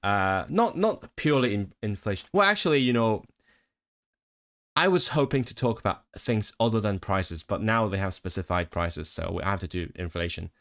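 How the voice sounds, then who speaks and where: A man's voice: lowish voice, lively intonation, normal speed, a bit bright. A man chatting casually with his live-stream viewers, rambling with frequent laughs and restarts.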